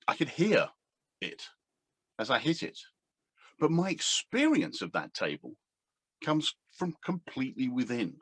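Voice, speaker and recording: A middle-aged coach with a mid-range, slightly breathy voice talks casually to a camera standing on his table indoors, captured in a dry recording. He rambles and hesitates, using many fillers.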